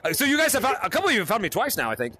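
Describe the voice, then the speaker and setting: A man hosting a fan meetup in a VR game, shouting and laughing as he greets many kids at once through his headset. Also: sits high, huge pitch swings, racing. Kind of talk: excited livestream chat with fans in VR. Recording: noisy crowded game lobby. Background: crowd of players chattering.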